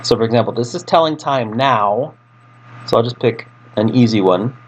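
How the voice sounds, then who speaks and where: A man teaches a recorded Spanish lesson, talking casually through his slides in a chatty way with fillers, restarts and self-corrections. He has a mid-range voice at normal speed, with slight background noise.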